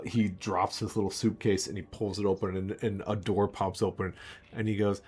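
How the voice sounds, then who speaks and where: A man narrating a tabletop game as game master. He has a lowish voice and rambles along, laughing often. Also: little pitch movement, normal speed, darkish tone, husky, soft background music.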